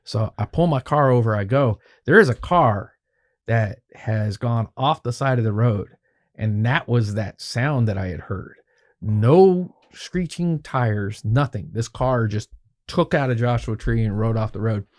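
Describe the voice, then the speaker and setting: A man telling a long, animated story as a podcast guest, swearing freely and acting out what people said. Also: mid-range voice, a little slow. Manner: animated, profanity-laced, acts out quoted dialogue. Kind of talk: casual storytelling.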